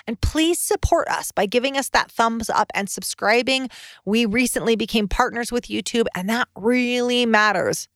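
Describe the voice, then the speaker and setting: A woman's voice: a little high, normal speed, fairly bright tone. A middle-aged woman hosting her own podcast, talking casually and upbeat as she shares parenting affirmations. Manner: upbeat, conversational, with self-help affirmations. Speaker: podcast host. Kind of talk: casual solo podcast talk.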